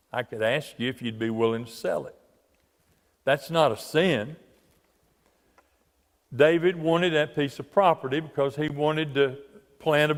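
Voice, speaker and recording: Slow, deliberate preacher in a reverberant church. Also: male voice, a little high. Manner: slow, deliberate storytelling with drawn-out emphasis. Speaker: guest preacher. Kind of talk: sermon. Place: church sanctuary.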